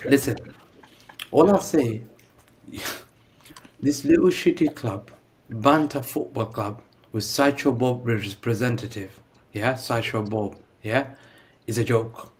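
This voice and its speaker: A man trading heated football banter, his mockery full of taunts he repeats again and again. His voice sits at an ordinary male pitch. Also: a little slow, pauses often. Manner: mocking, repetitive taunting. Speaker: panelist.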